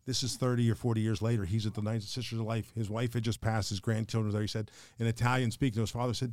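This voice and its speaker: An older man, a podcast guest telling stories quickly, acting out the dialogue. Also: on the low side, no echo, studio quality. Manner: fast, animated storyteller who acts out quoted dialogue. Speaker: podcast guest, financial advisor. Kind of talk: emotional storytelling in conversation.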